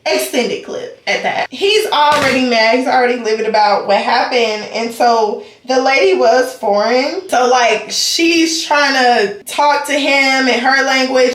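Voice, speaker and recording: A young woman, telling a story to her vlog camera in a dramatic, animated way with laughs. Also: high-pitched, roomy sound. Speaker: vlogger. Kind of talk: casual storytime chat.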